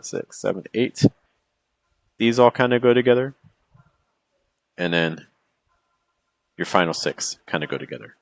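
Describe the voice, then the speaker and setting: A man's voice: sits low, gravelly, no echo. A man giving a casual poetry lesson, chatty and checking in with the listener, sounding out rhythms with "da da" syllables. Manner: chatty, checks in with "okay" and "right". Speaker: poetry teacher.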